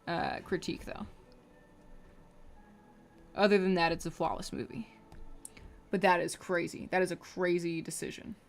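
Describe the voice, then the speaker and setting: A young adult woman streaming live while she draws, rambling casually to her chat and humming between remarks. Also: lowish voice.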